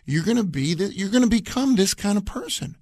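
A man's voice: high-pitched, animated, fairly quick, a little mellow, no room sound. A man co-hosting a radio Bible study, talking earnestly and repeating phrases to drive his points home. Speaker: radio program co-host and Bible teacher.

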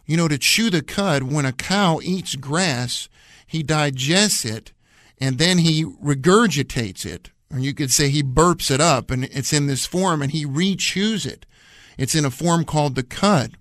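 A man's voice: fairly high pitch, a little slow, fairly bright tone, no echo, studio quality. A man co-hosting a radio Bible study, talking earnestly and repeating phrases to drive his points home. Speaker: radio program co-host and Bible teacher.

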